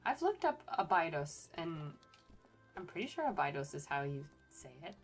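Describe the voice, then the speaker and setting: A woman's voice: low-pitched, big pitch swings, moderate pace, soft background music. Chatty, self-correcting woman gamer. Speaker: archaeologist streamer. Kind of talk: casual gameplay commentary.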